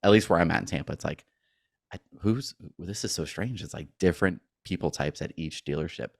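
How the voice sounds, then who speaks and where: Man, very low voice, dry close sound, casual podcast storyteller, acts out dialogue. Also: brisk, vocal fry, dry recording. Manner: animated storyteller who acts out both sides of conversations. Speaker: podcast co-host.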